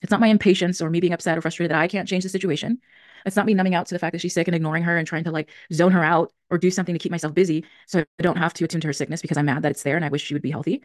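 An earnest woman in her thirties talks through feelings on her own podcast. Her voice sits a little low and moves quickly, and she restarts phrases as she thinks. The recording is dry and close, with no room sound. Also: fairly even intonation, no echo. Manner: earnest, reflective, self-correcting. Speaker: podcast host. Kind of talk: solo podcast talk on emotions.

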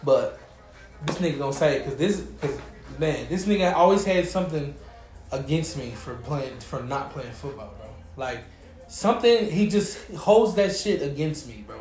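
A man's voice: on the high side, expressive, normal speed, a little mellow. A young man hosting a podcast, telling stories in a laid-back way with heavy slang. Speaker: podcast host. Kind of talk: casual chat. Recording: echoey room.

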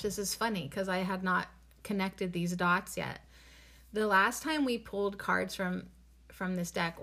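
Slow, deliberate woman giving a spiritual talk. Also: mid-range voice, a bit bright. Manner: slow, deliberate, repeats phrases three times with bursts of laughter. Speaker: spiritual card reader. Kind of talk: casual spiritual talk to viewers.

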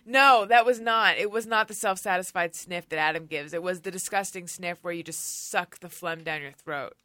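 A woman hosting a casual chat podcast, stuffed up from a cold, telling stories with quick laughs. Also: on the low side, no room sound. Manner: animated storytelling, quick laughs. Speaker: podcast host.

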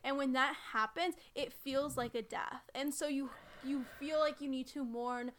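A woman's voice: high-pitched, steady tone, moderate pace, a bit bright, slight background noise. A woman co-hosting a podcast who talks in an earnest, supportive way in casual chat. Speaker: podcast co-host.

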